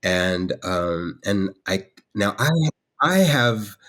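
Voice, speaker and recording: Male podcast guest, low-pitched, meandering storyteller, halting with fillers. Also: animated, a bit bright. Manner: rambling, with many restarts and fillers. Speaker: guest artist. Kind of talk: storytelling in conversation.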